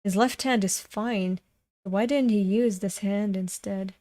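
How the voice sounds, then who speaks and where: A woman's voice: medium pitch, a little slow, mellow, dry recording. A young adult woman reading a comic aloud at home, voicing every part herself and breaking off to react. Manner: reads all parts herself, breaks off to gush and laugh. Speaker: webcomic reader.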